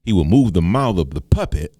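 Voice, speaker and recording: Animated, gravelly low-voiced podcast host. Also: male voice, brisk, no echo, studio quality. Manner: animated storyteller who swings into high comic voices. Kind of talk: casual comedic monologue.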